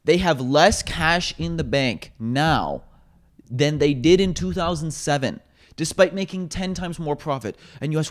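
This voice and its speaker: A man's voice: fairly high pitch, a little slow. A man co-hosting a casual podcast discussion, opinionated and ranting, swearing now and then. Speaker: podcast co-host.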